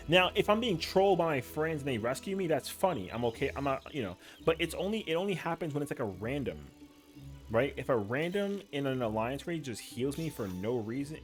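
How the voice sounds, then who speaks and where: A man streaming a game, talking in casual chat with heated, profane slang peppered with "yo". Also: mid-range voice. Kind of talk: casual chat while gaming.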